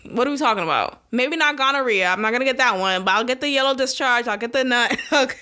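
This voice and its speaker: A woman's voice: a little high, fast, sharp tone. A woman hosting a video commentary, giving blunt, frank opinions in a casual way and often laughing.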